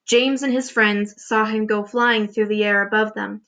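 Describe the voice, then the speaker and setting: A woman teacher reading a children's book aloud with expressive, clear storytelling. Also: mid-range voice, normal speed.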